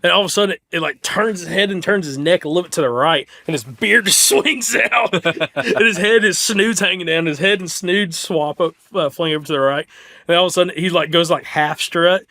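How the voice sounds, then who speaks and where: A young podcast co-host with a high-pitched voice and a Southern US accent tells a hunting story at a brisk clip during a casual chat. He's animated, saying "like" constantly and restarting his sentences.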